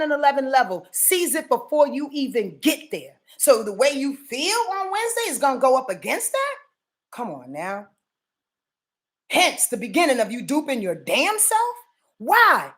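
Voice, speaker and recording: A woman's voice: high-pitched, normal speed. A woman from Yonkers, New York, giving a casual astrology forecast. She swears freely and keeps checking that viewers are following her. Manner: profane, animated, addresses viewers directly.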